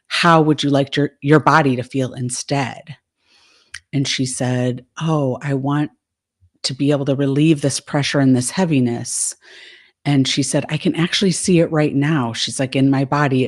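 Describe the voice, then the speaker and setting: A woman's voice: rumbling low, darkish tone. A middle-aged woman life coach talking casually on a live stream, retelling a coaching session and speaking her client's lines in her own voice.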